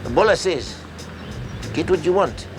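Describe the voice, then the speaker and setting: An actor playing a boastful, joking petrol station owner, full of chuckling bluster. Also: male voice, fairly high pitch, expressive, unhurried, music in the background, low-quality recording. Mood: cocky, jokey. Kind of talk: sitcom acting.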